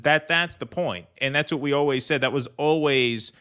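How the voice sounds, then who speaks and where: A man's voice: medium pitch, moderate pace, pushed and bright, clear, resonant tone. A man co-hosting a political commentary stream, talking bluntly and combatively, with some swearing. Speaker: co-host.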